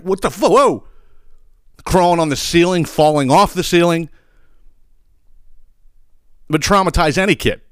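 A man's voice: mid-range voice, no echo, clean studio sound. A man hosting a podcast, telling a rambling, profane story full of fillers and sidebars. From Philadelphia area. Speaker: podcast host. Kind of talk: casual comedic monologue.

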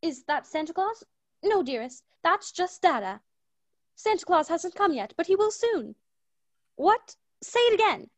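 A woman's voice: very high voice, very animated, measured pace, no room sound, exaggerated voice. A woman voicing a fussy, doting wife and mother who talks in a gushing, coaxing way, as in a radio play. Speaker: Mrs. Fountain.

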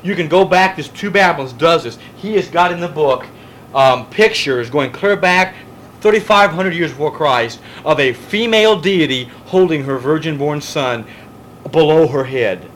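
Rhetorical questions drive this middle-aged pastor's emphatic Bible study lecture, which also includes questions from the audience. The voice is a little high and a bit bright, with lively intonation at a moderate pace and a little hiss or hum.

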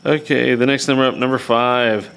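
A man's voice: mid-range voice, steady tone, normal speed, gravelly, fairly bright tone, a little hiss or hum. A man hosting a casual podcast, laughing often as he reads out lottery numbers between chat. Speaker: podcast host.

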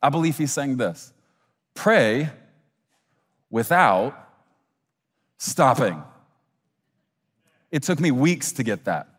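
A man's voice: medium pitch, sing-song, brisk, hardly any pauses, breathy edge, long reverb tail. A man preaching a sermon as a pastor, acting out imagined listeners and little scenes as he goes.

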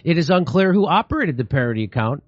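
A man's voice: on the high side, big pitch swings, quick pace, husky, no room sound, highs cut off. Sarcastic male host reading news aloud. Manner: sarcastic asides while reading. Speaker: show host. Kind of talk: casual commentary reading news.

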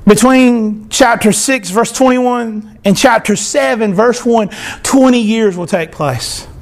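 A man preaching a sermon as pastor, animated, swinging from loud to soft. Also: very high voice, takes it slowly.

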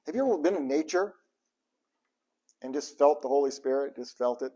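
Lively, husky-voiced man preaching. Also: medium pitch, a little fast, pauses often, highs cut off. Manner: lively and joking, acts out the psalms' cries to God. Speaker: pastor. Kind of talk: conversational sermon.

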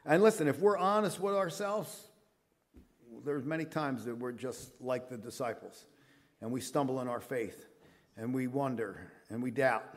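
A man's voice: medium pitch, moderate pace. A middle-aged male pastor preaching a sermon in an earnest, conversational way, with frequent fillers and restarts.

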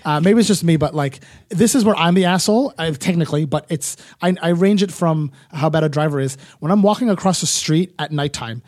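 A man's voice: fairly high pitch, brisk, darkish tone, dry recording, studio quality. A man co-hosting a comedy podcast, joking in a self-deprecating way and swearing casually. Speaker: podcast co-host. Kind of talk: comedic banter.

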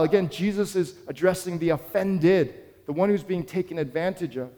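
Earnest pastor preaching in a reverberant hall. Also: male voice, high voice, brisk, mellow. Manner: earnest, conversational storytelling. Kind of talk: sermon.

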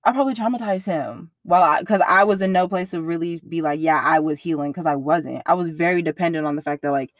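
A young woman with a fairly low voice speaks openly about her past in an interview. Her talk is casual and full of slang, and it grows lively whenever she acts out what others said. The recording is close and dry, with no room sound. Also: dry recording. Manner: casual slang-heavy, animated when quoting others. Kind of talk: candid personal interview.

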